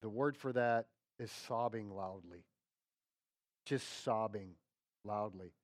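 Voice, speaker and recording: A man preaching a sermon in a conversational, folksy way, checking in with his listeners and dropping to quiet tones for emphasis. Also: fairly low pitch, slow, dry recording, clean studio sound. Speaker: pastor.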